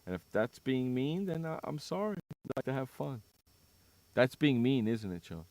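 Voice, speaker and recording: A man's voice: medium pitch, very animated, normal speed, a little mellow. A man hosting a sports radio show in casual chat, teasing his co-host, joking and repeating himself. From San Diego.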